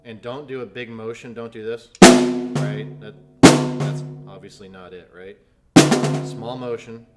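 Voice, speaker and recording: A man's voice: lowish voice, steady tone, unhurried, long pauses, loud music behind the voice. A man teaching snare drum in a video lesson, explaining technique patiently and counting aloud as he demonstrates.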